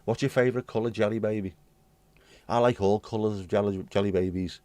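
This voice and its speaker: A British man from the United Kingdom hosts a livestream, cheekily rambling through chat messages with jokes and swearing as he talks casually to readers. His voice is fairly low, dark and fairly even, a bit fast, with no room sound.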